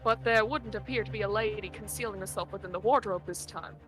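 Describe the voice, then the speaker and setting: A woman voicing a boastful male detective in a put-on British accent that slips into Australian, speaking slowly and grandly. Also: mid-range voice, fairly bright tone, soft background music, close to an everyday voice. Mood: pompous. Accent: put-on British slipping into Australian. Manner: grand, self-important, slow declaiming.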